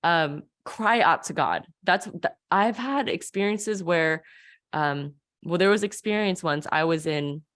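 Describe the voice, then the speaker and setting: A woman's voice: low voice, a bit bright. A woman guest telling an earnest, emotional personal story of faith, with frequent restarts.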